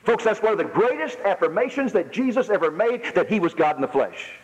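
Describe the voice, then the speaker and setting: A man preaching a sermon, reading scripture aloud and stressing lines by repeating them slowly. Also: high voice, sing-song. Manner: emphatic preaching, rereads verses slowly for stress. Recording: muffled hall reverb.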